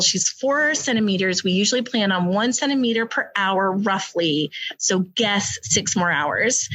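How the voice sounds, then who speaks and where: A woman in her thirties with an American accent, telling her birth story in casual podcast chat, animated and laughing, full of fillers. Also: mid-range voice. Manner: animated, many fillers, acts out quotes with laughter.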